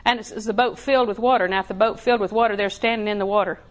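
Woman, preaching, folksy, laughing, repetitive, medium pitch. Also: steady tone, very fast. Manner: folksy, laughing, repeats phrases softly. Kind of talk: sermon.

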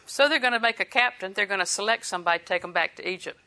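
Bright-voiced woman preaching. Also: medium pitch, racing. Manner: conversational preaching with chuckles and quoted asides. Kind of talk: sermon.

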